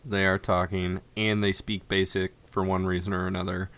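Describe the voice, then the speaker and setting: Low-voiced man recapping a show. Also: level tone, moderate pace, gravelly, fairly bright tone, smooth. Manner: laid-back, recapping plot with asides. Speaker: podcast host. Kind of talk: casual review chat.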